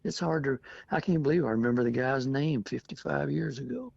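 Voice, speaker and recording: A man's voice: mid-range voice, fairly quick, dry recording. A man in his seventies, a veteran telling stories in an oral history interview, chatty and often laughing as he acts out what people said. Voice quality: gravelly, husky. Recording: dull lo-fi dry recording.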